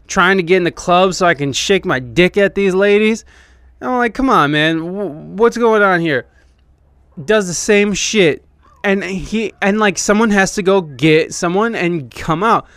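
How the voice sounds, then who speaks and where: A man's voice: high-pitched, a bit bright, clear, resonant tone, no echo. Rambling, foul-mouthed young man telling a story. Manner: rambling, profane, self-deprecating. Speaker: podcast host and band keyboardist. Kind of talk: casual storytelling monologue.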